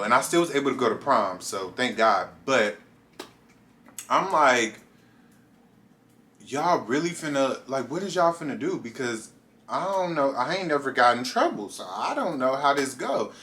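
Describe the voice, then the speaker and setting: A bright, forward-sounding young man in his twenties tells a casual storytime to camera. He talks straight to his viewers and keeps it animated, leaping up into high voices whenever he quotes someone. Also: moderate pace. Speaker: vlogger.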